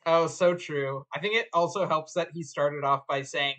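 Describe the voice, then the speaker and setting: A woman streamer chatting casually while guiding a guest through a game, with quick, giggly asides. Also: sits low, fairly bright tone, low-quality recording.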